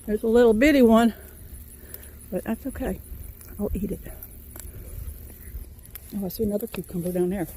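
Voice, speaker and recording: A woman's voice: mid-range voice, normal speed, long pauses, mellow, a little hiss or hum. A woman from Virginia giving a rambling, homespun tour of her vegetable garden outdoors, filming on a handheld phone. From Virginia, USA. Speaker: farm vlogger.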